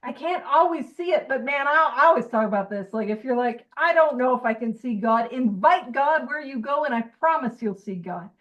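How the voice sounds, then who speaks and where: A woman leading a recovery group study, reading aloud and adding lively, joking asides. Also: sits high, moderate pace, hardly any pauses, lo-fi sound. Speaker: meeting chair reading aloud.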